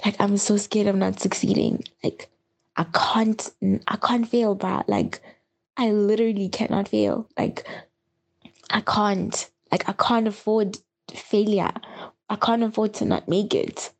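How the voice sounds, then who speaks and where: A young woman recording an emotional phone voice note, overwhelmed and venting in slangy, halting speech. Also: mid-range voice, fairly even intonation. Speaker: podcast host.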